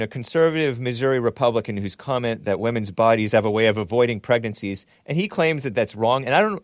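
A male host riffing on his own commentary show, mocking and heated. He jumps between loud bursts and low grumbles. The voice sits at an ordinary pitch and comes through dry and close, with no room echo.

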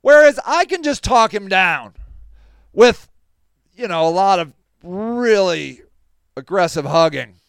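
Podcast host, male, high smooth voice, lively storyteller acting out quotes, close dry mic. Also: slow, long pauses, no room sound. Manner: animated, acts out quoted voices, laughs often. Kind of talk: casual storytelling monologue.

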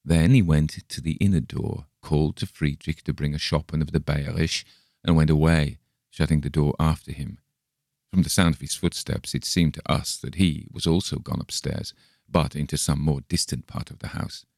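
Deep-voiced man reading a story. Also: fairly even intonation, normal speed, creaky, darkish tone, no echo, clean studio sound. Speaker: audiobook reader. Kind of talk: scripted narration.

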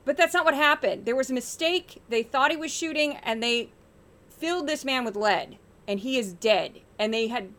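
A woman with a somewhat high voice hosts a media-commentary podcast. She talks with sarcastic exasperation and pointed emphasis. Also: lively intonation, moderate pace, a bit bright. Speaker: podcast host.

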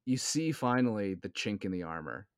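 Low-voiced earnest man talking film. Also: very animated, normal speed, clear, resonant tone, dry recording, clean studio sound. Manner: earnest, keeps checking in with "right?". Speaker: podcast co-host. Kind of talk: casual film discussion.

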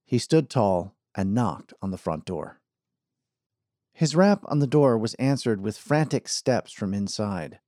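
A man giving measured, scripted audiobook narration. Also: fairly low pitch, gravelly, warm tone, no echo, studio quality.

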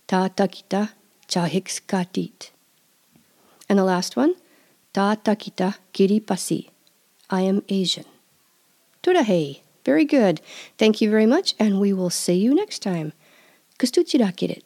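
A woman hosting a language lesson podcast, repeating words slowly and carefully for listeners to follow. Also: medium pitch, mellow. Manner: slow careful repetition of words. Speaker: language teacher and podcast host.

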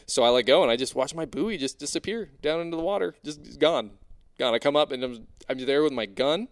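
A young man casually telling an animated, excitable diving story, full of fillers. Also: mid-range voice, fairly quick, clean tone. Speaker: spearfishing diver guest.

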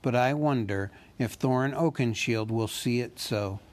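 A man's voice: mid-range voice, unhurried, close to an everyday voice. A man reading a stately elf king. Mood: courtly.

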